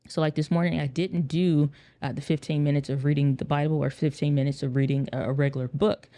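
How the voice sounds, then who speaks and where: A man's voice: fairly high pitch, steady tone, fast, hardly any pauses, warm tone. A man hosting a podcast, talking in an earnest, conversational way and repeating phrases for emphasis. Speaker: podcast host. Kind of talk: casual solo podcast talk.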